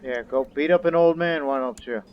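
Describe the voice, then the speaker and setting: A man's voice: fairly high pitch, normal speed, clean tone, dull audio. Man chatting through a strategy game. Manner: chatty, thinking aloud with asides. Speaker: game streamer. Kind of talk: casual gameplay commentary.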